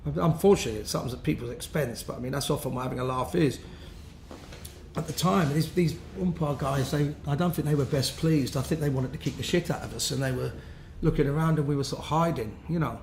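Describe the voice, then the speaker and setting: A London musician, interviewed as a guest, tells rambling anecdotes full of laughter and restarts. His voice sits on the high side with a creaky, darkish tone, and he talks fast. The room sounds roomy, with faint background noise.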